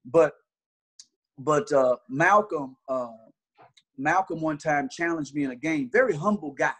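A man's voice: a little high, measured pace, fairly bright tone, husky. A middle-aged man, a basketball trainer, telling stories in a casual interview with earnest, repeated restarts.

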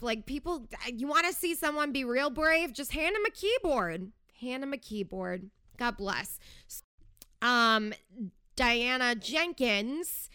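A young woman hosts a podcast, her voice a little high with a sharp yet clear, resonant tone, recorded with studio quality and no room sound. She's ranting about reality TV gossip in a chatty, fired-up way, tossing in sarcastic jabs and plenty of "like."

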